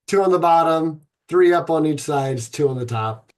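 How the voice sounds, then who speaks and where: A man hosting a podcast, retelling an ancient myth in a rambling, irreverent way, swearing and filling pauses with ums. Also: fairly high pitch. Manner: rambling, irreverent, profane, many fillers. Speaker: podcast host.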